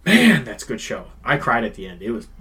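Casting: male podcast co-host, casual studio banter, expressive, laughs easily. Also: mid-range voice, a little fast. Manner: animated, laughs often, trails off into mumbles. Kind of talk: casual chat.

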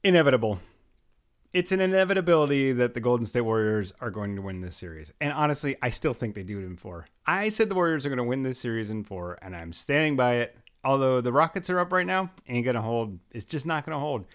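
Lively, laughing sports-chat guy. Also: medium pitch, quick pace. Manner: laughs often, blunt and swearing. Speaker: podcast co-host.

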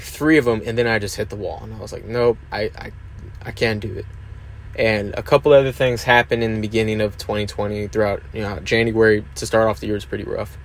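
A man hosting his own podcast, talking hesitantly and openly about his struggles, with many fillers. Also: lowish voice. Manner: hesitant, many fillers and restarts, open and confessional. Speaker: podcast host. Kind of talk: candid solo podcast monologue.

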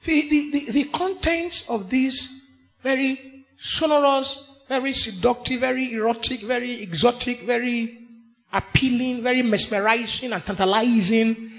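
A man with a Nigerian accent preaching a sermon in church, emphatic, swinging from shouts to hushed asides. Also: extremely high pitch, unhurried, gravelly. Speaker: pastor.

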